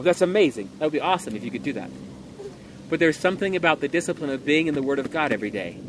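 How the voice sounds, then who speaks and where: A man delivering an earnest, emphatic sermon, speaking loudly so everyone can hear. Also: fairly high pitch, noisy background. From Montana. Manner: earnest, emphatic, loud to carry in a room. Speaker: preacher.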